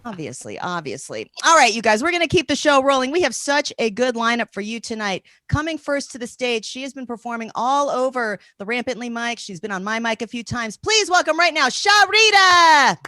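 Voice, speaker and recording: A woman in her thirties works a comedy stage as its host, trading bawdy, chatty punchlines. Her voice sits a little high for a woman. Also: animated, fairly quick, few pauses, a bit bright, dry recording, poor audio. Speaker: comedy show host and stand-up comic. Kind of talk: stand-up comedy.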